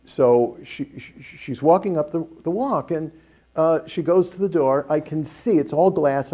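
A middle-aged man, a priest, telling a story with lively quoted dialogue and then teaching on scripture. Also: medium pitch. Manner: animated storyteller who acts out quoted dialogue.

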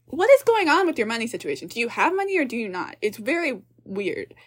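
A woman's voice: fairly high pitch, quick pace, breathy edge. Exasperated young woman reviewing a film. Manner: exasperated, animated, swears casually. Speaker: podcast co-host. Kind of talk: casual film review chat.

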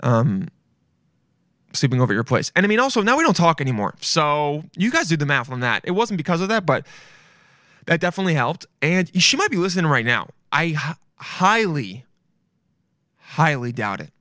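A man's voice: on the high side, sing-song, normal speed, bright, forceful tone, no echo, clean studio sound. A young man hosting a casual solo podcast, talking in a loose, emphatic way and swearing freely. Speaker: podcast host.

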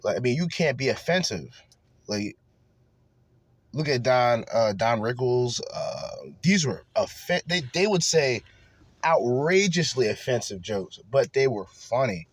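A man's voice: mid-range voice, expressive, unhurried, breathy edge, no room sound. A man hosting a reaction commentary show, ranting crudely and mockingly with lots of profanity. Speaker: commentary podcast host.

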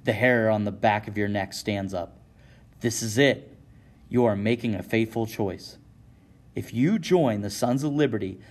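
A man's voice: medium pitch, darkish tone. A man giving dramatic scripted narration of an interactive story, addressing the listener directly. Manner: dramatic second-person storytelling.

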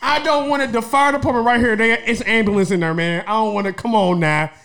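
A man telling a story in casual chat, animated and laughing often as he acts out the people in it. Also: high voice, quick pace.

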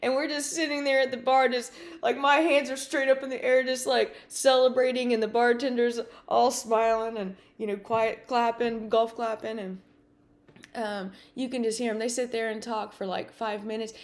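Animated woman telling a story. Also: a little high, normal speed. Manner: animated, filler-heavy, re-enacts dialogue. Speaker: podcast host. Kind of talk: casual personal storytelling.

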